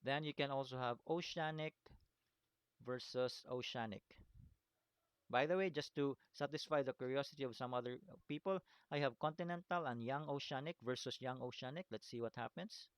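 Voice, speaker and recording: A man's voice: mid-range voice, normal speed, clear, resonant tone, dry recording. A man teaching a screen-recorded lesson, walking through steps, often checking in with "okay?" and "right?", with a chuckle at his own slips. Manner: repetitive, stops to check understanding with "okay?" and "right?".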